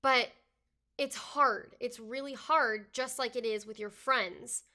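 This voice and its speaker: A woman's voice: on the high side, fairly even intonation, slow, sharp tone. A young woman talking casually as a podcast guest, earnest and reflective, often saying "I think". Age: young adult. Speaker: podcast guest, host's daughter. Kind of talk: casual conversation.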